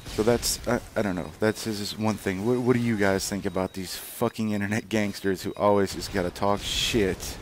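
Low-voiced man rambling over gameplay. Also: steady tone, normal speed, few pauses, slight background noise. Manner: rambling, profane, frequent fillers and restarts. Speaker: gaming channel host. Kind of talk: casual gameplay commentary.

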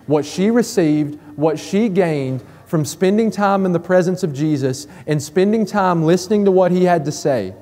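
A man's voice: fairly high pitch, animated, normal speed, few pauses, mellow. A male pastor preaching a sermon emphatically, repeating key phrases for weight. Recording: long reverb of a church hall.

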